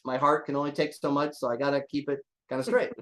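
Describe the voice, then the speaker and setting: Here an older man, a drummer being interviewed, talks quickly in a slightly high, fairly bright voice with a flat delivery. His manner is blunt and casual, full of jokes and liberal swearing.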